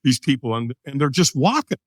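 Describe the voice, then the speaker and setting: The speaker, a US podcast guest in his sixties, has a mid-range voice and delivers his personal story very animatedly and at a brisk clip. He performs the quoted voices of others with vivid energy, on a dry recording.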